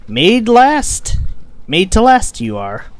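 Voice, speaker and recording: A man's voice: high-pitched, wildly swooping pitch, slow, no room sound, full character voice. A man voicing an ancient female hag who speaks in riddles with twisted word order, reading game dialogue aloud. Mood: cryptic. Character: ancient female night hag, cryptic and possessive.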